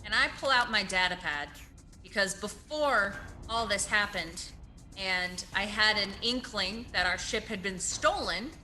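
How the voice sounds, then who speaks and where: A woman's voice: medium pitch, measured pace, bright, forceful tone. A woman player describing her character's actions in a tabletop game, hesitant and searching for words, with music behind. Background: background music.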